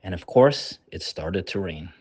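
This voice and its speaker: A man's voice: deep voice, animated, a little slow, very noisy. A man vlogging his travels and narrating over the footage in a chatty, easygoing way. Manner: chatty and easygoing, with small laughs.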